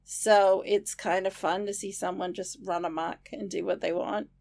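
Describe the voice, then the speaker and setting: A woman's voice: mid-range voice, steady tone, moderate pace, gravelly, a little mellow. A young woman co-hosting a podcast, chatting agreeably about a film and thinking aloud. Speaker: podcast co-host. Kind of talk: casual film discussion.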